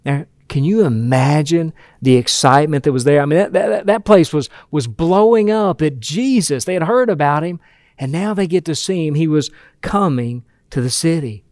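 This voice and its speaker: A man's voice: fairly high pitch, animated, moderate pace, darkish tone, dry recording, studio quality. A man preaching a sermon in an earnest, emphatic way, often restarting and repeating words.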